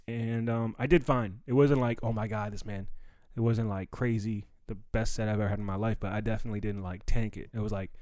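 A young stand-up comedian recovering from bronchitis hosts a solo podcast in a mid-range voice with no echo. He talks loosely and casually in slangy street talk, full of fillers and "you know what I mean."

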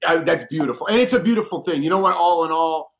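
Give me a man with a somewhat high voice chatting casually as a guest. He tells stories with energy and acts out what people said. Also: fast talker. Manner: animated storyteller, acts out quotes. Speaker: reality show alum guest. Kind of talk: casual chat.

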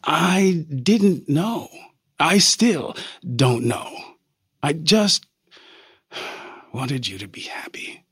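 A man putting on the ghost of a stern older mother in an audiobook story, now full of remorse, her slow hushed words drawn out and sinking low as she pleads, the pitch rising and falling widely. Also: lively intonation, husky, dry recording, clean studio sound, full character voice. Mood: remorseful.

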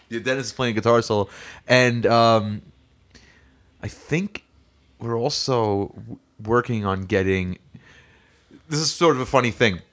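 Animated and a little slow, a medium-pitched, somewhat bright male voice belongs to a podcast co-host who is a musician. He rambles in casual conversation, restarting often and using plenty of fillers.

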